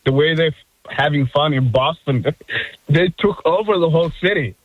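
A man calling in to a sports radio show, excited and peppering his talk with "like". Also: a little high, no echo. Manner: excited, fast, fills with "like". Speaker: caller. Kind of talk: casual call-in chat. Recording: dry, muffled phone line.

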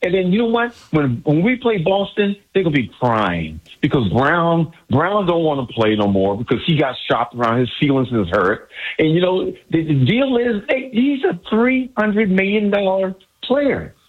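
An excited man phones in to a sports radio show, boasting and repeating his lines. His pitch jumps around a lot, and the voice comes through husky and muffled over the phone. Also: moderate pace. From United States. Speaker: caller.

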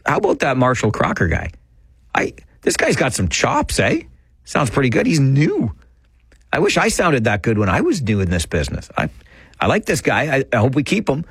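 A man's voice: medium pitch, huge pitch swings, moderate pace, a bit bright, breathy edge, dry recording. A middle-aged man hosting a call-in radio show, chatty and joking at his own expense. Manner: chatty, self-deprecating, joking. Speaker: radio talk show host. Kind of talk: casual call-in radio chat. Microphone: studio microphone.

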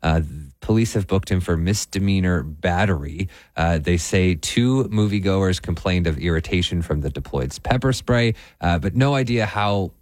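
A man from Canada reading morning radio news, steady with some dry humor and frequent fillers. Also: low voice, normal speed, hardly any pauses, no room sound. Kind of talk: news reading with casual banter.

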